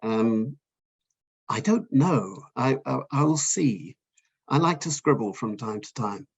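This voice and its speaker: An older man from Fiji, an author talking in an interview, hesitant and self-deprecating with many pauses and restarts. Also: medium pitch, lively intonation, slightly rough, muffled recording. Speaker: author guest. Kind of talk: conversational interview.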